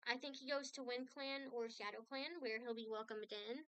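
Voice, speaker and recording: A woman's voice: on the high side, steady tone, normal speed, fairly bright tone, clear, resonant tone, dry recording. A woman art streamer telling a long story in casual chat, rambling with many restarts and asides.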